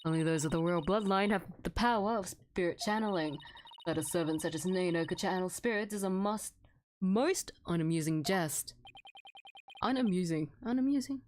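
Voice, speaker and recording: A woman's voice: lowish voice, a little mellow, a little hiss or hum, voice pushed down, natural voice. Woman playing a cold, haughty queen. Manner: slow, stately, disdainful.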